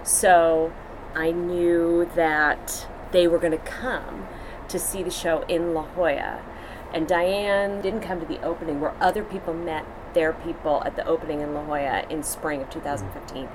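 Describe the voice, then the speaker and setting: A woman stage actor telling a lively anecdote in an interview, acting out the quotes as she goes. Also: deep voice, normal speed. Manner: lively storyteller, acts out quotes. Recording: noisy background hum.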